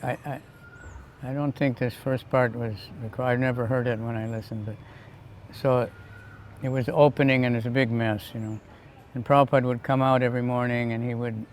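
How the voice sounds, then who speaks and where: A man's voice: medium pitch, slight background noise. An older man rambling casually through a personal memory. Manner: rambling, conversational storytelling. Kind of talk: personal reminiscence.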